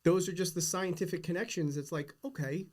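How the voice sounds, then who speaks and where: In a casual philosophical chat, a middle-aged man hosting a podcast talks with earnest emphasis. His voice sits high and his delivery is brisk.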